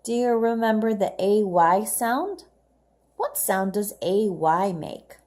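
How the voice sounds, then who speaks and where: Slow, patient woman teaching phonics. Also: mid-range voice, animated, a little mellow. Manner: slow, patient, asks questions and praises answers. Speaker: English teacher. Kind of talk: children's phonics lesson.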